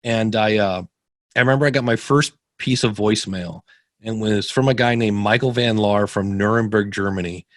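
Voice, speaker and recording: A man from Ohio being interviewed as a guest, telling stories with animated, acted-out quotes and frequent restarts. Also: on the low side, normal speed, dry recording, studio quality. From Ohio, USA. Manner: animated, acts out quoted dialogue, many restarts. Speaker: podcast consultant guest. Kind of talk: casual interview storytelling.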